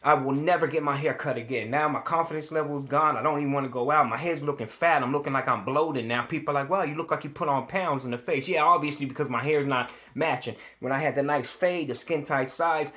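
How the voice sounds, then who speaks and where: Young guy ranting on camera, kinda high voice, swears a lot, keeps repeating himself. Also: fast talker, hardly any pauses. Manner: animated, profane, repeats himself when worked up. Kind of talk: casual storytelling to camera.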